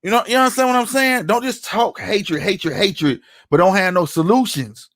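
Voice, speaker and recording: In a clean studio recording without any room sound, this male online commentator delivers an angry, profane commentary rant, often adding "you know what I'm saying." His voice sits high with a fairly bright tone, and he talks at a normal pace.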